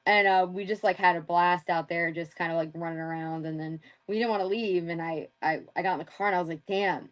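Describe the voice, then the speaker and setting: A woman's voice: on the low side, fairly even intonation, fast talker. A young woman chatting loosely as an interview guest, laughing often and swearing freely. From Philadelphia area. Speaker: interview guest, former wrestler. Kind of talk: casual chat.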